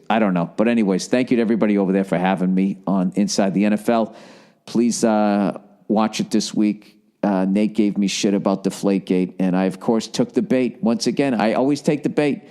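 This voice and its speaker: A man's voice: deep voice, dark tone. A middle-aged man hosts a podcast and talks in a loose comedic monologue. He rants sarcastically and swears freely. His delivery is conversational. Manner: ranting, profane, sarcastic. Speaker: podcast host.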